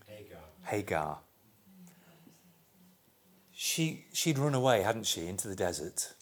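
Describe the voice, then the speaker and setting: A man preaching a sermon, talking through scripture in an unhurried, reflective way and reading verses aloud with emphasis. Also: fairly low pitch, a little hiss or hum.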